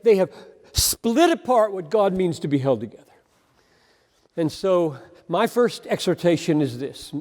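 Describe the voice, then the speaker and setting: This pastor preaches earnestly and emphatically in a high-pitched voice with a darkish tone, repeating phrases to give them weight. His speech rings out with a long reverb, like in a large hall.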